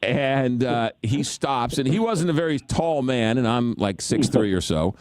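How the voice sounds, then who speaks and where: A man hosting a radio talk show, telling a story in an animated, self-mocking way. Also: medium pitch, unhurried, dry recording.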